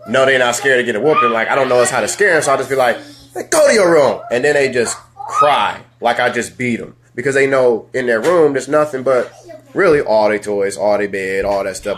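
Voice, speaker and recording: A young man hosts a casual live talk show and chats straight to his viewers. His voice sits at a middle pitch and turns loud, then drops low and quiet. Faint noise hums behind him. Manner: animated, swings from loud to low, speaks to viewers. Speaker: host of a live discussion show.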